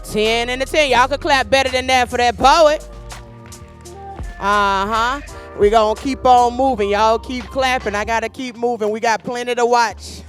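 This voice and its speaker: A woman's voice: on the high side, normal speed, a bit bright. A woman hosting a live poetry slam, chatting casually and urging the crowd to clap. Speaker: event host. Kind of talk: emcee banter at a poetry slam. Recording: music playing behind.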